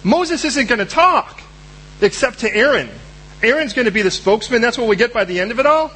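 A man preaching a sermon in a lively, animated way, acting out the voices of Bible figures. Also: extremely high pitch, a little fast, slightly rough, poor audio.

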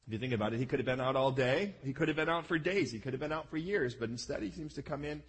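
A male pastor delivering a sermon, telling a story animatedly, acting out the characters and shouting their pleading lines. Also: mid-range voice, expressive, fast talker, few pauses, slightly rough. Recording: long reverb of a large hall.

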